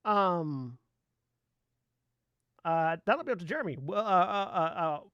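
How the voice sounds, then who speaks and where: A man's voice: high-pitched, animated, unhurried, a bit bright, smooth, no room sound, lo-fi sound. A man running a tabletop role-playing game as game master, stammering often with repeated fillers.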